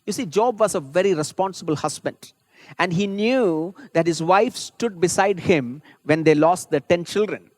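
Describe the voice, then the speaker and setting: High-voiced preacher in a dry room. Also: male voice, unhurried, no echo. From India. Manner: earnest preaching, rising to fervent emphasis. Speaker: pastor. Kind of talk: sermon.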